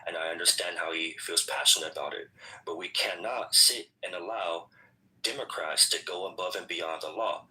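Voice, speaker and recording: A man with a lowish voice and a very bright, forceful tone argues a political point, talking over others and repeating himself. He sounds set back from the microphone. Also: moderate pace, distant mic, poor audio. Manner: interrupts, repeats himself, insists on finishing. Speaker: host of a political discussion room. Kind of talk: heated political debate.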